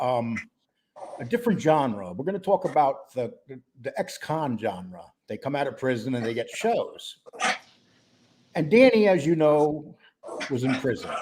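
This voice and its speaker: A man hosts a live-stream show in an easy, rambling manner, reading out viewers' names from the chat. His voice sits a little on the high side. A faint hiss of background noise runs under the recording. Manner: greets chat viewers by name, relaxed and rambling. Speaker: host.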